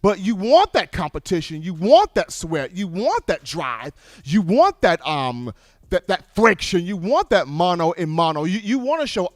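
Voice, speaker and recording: High-voiced man talking college football. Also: moderate pace, no room sound. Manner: animated, repetitive, stumbling restarts. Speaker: college football show host. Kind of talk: casual sports commentary.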